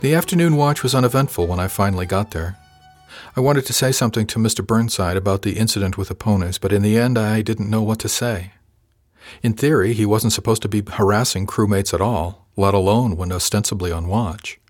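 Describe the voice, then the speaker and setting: Brief: male narrator, low voice, dry close recording, calm first-person reading. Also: brisk, dry recording, faint music behind. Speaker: audiobook narrator.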